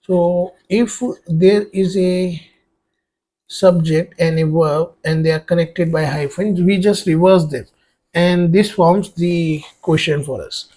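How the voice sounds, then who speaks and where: Male tutor, high for a man, very unhurried, explaining grammar slowly as he writes on a board. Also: fairly even intonation, mellow. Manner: explains step by step while writing on a board; spells words out letter by letter. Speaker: French tutor. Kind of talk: exam-prep grammar lesson.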